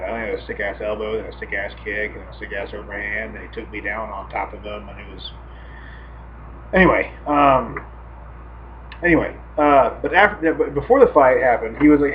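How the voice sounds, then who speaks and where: A man co-hosting a podcast and telling stories in a loose, profane, animated way. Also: lowish voice, normal speed. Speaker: podcast co-host. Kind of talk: casual podcast chat. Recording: muffled lo-fi with faint hiss.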